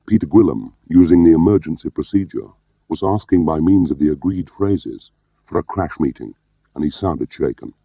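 Very deep, gravelly male narrator. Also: lively intonation, mellow, dry recording. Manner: measured, understated storytelling. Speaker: audiobook narrator. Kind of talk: scripted narration. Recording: dull lo-fi audio.

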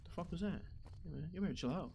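A young man giving casual, profane gameplay commentary who reacts loudly to the action. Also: on the high side, fast talker, creaky, highs cut off, slight background noise. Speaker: gaming channel host.

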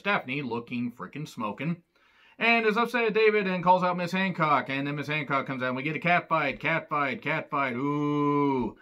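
A man with a bright, forceful voice recaps a wrestling broadcast in a loose, unscripted way. He rants in exasperation and drops frequent profanity. His asides land with dry sarcasm. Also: mid-range voice, highs cut off. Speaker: wrestling show reviewer. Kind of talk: casual recap commentary.

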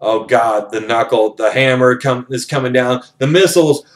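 A man's voice: mid-range voice, normal speed, close to an everyday voice. A man acting out a desperate, doomed soldier who panics and curses. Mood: panicked. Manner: frantic yelling, cursing.

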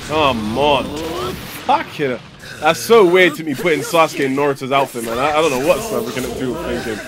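A man hosting a gaming channel, giving excitable live commentary on a fighting game, swearing and yelling at his opponent. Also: medium pitch, moderate pace, a crowd in the background. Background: game music.

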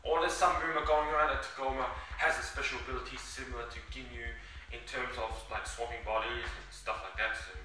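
A man's voice: medium pitch, flat delivery, fairly quick, pushed and bright, slight background noise. A man casually recapping an anime episode, rambling with many fillers and restarts. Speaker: anime reviewer. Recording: echoey room, distant mic.

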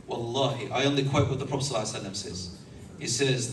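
A man preaching a sermon, an animated storyteller who chuckles between his points. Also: mid-range voice, a little fast, background noise. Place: lecture hall. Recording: echoey hall, mic from far off, faint ambience.

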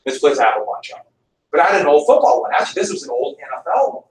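A middle-aged American man teaching a history class, telling stories in an animated, joking way. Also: on the high side, rapid-fire. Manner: animated, jokey storyteller with laughs. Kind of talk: classroom lecture with storytelling. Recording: roomy classroom audio from a distance.

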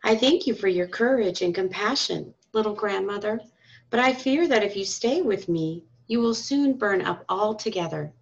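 A woman voicing a lonely, sad male sun in a storybook, speaking softly and sorrowfully, on a dull lo-fi recording. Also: mid-range voice, animated, normal speed, vocal fry. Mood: gentle.

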